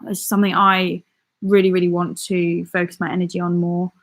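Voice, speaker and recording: A woman's voice: lowish voice, level tone, fairly quick. A young woman from England chatting casually on a live stream as a vlogger, bubbly and reading viewer comments aloud.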